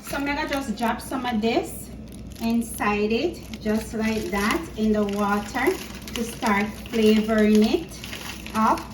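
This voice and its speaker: A Jamaican woman chats and teases as she cooks, her voice fairly high and her pace slow and easy. She sounds a little far from the mic in an echoey kitchen, with a faint hum of home sound behind her. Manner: chatty and teasing, talks straight to viewers. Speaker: cooking vlogger. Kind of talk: casual cooking chat.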